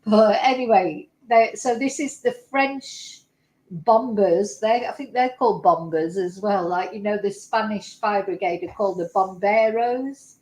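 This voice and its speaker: A woman's voice: mid-range voice, a little slow, darkish tone, reverberant, rough recording. A woman, chatting casually as she talks through video clips and translates what is said in them. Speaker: host reacting to videos.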